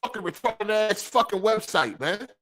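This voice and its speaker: A fairly high-voiced man hosts a livestreamed gaming podcast. He rants in a steady stream of profanity. Between gripes he reads viewer messages aloud. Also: moderate pace. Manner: profane, irritated ranting. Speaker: podcast host.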